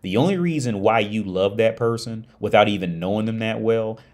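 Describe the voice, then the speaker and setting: A man hosting a livestream who retells a story at length, loose and profane, full of restarts. His voice sits very low. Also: fairly quick. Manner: profane, rambling, many restarts. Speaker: livestream host. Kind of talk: casual storytelling.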